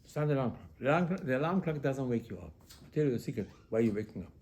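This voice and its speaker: A man giving a sermon as a rabbi, asking rhetorical questions and repeating them, with Hebrew religious terms mixed into his English, moving between hushed asides and emphatic lines. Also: medium pitch, animated, very fast, a little hiss or hum. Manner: loudness swings from hushed to emphatic.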